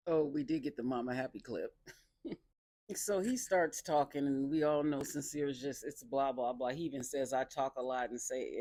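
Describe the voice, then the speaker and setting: A woman casually recapping a dating reality show, talking in an animated, sassy and exasperated way. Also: very deep voice, no echo, studio quality.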